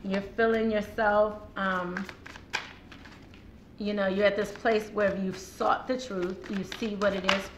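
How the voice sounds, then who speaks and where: Her medium-pitched voice stays level and her pace slow as this woman gives a casual tarot reading on camera with a sore throat. She chats right to viewers and laughs often, recorded with roomy echo and faint noise in the background.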